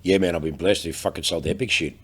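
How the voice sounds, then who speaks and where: A man's voice: deep voice, fast talker, a little hiss or hum. An Australian man, a luxury car salesman, telling stories on a casual podcast, swearing constantly and full of energy. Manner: profane, animated storyteller.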